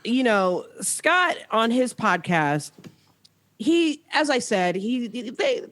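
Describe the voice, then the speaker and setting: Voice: medium pitch, big pitch swings, takes it slowly, fairly bright tone. A podcast host in their thirties who laughs often and explains game rules with enthusiasm. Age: 30s. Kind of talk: casual chat.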